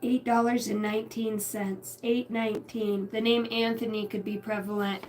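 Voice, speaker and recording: A woman's voice: a little high, flat delivery, normal speed, a little mellow, slight background noise. A woman giving a channeled tarot reading, rambling through names and numbers and swearing casually. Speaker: psychic reader.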